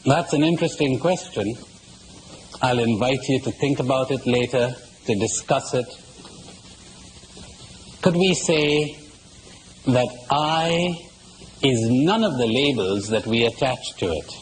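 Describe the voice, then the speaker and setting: A man's voice: mid-range voice, slow pace, long pauses, a little hiss or hum, low-quality recording. A man giving a spiritual lecture to a live audience, asking rhetorical questions and telling jokes. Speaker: retreat speaker.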